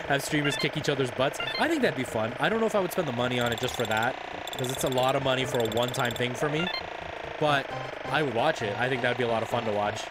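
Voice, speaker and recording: A chatty, excitable streamer, greeting viewers by name between plays. The voice sits in a middle register, with loud game music playing behind it throughout. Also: mid-range voice, fast talker. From Canada.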